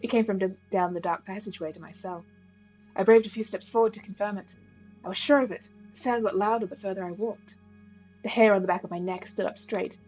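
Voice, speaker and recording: A woman streamer reads a visual novel aloud in a steady, first-person narrating voice at a mid pitch. She sometimes trips over a word and restarts it, with faint music running behind her. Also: fairly quick, highs cut off. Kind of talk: reading a visual novel aloud with casual asides.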